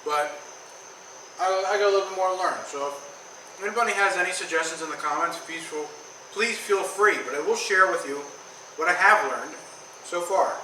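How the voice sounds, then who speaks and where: Man, welding vlogger, plain-spoken, slightly high voice, off-mic in an echoey shop. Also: brisk, pauses often, distant mic, a little hiss or hum. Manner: plain-spoken, swears when frustrated. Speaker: welder vlogger. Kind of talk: casual shop vlog. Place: metal workshop. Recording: roomy, off-mic, loud music behind.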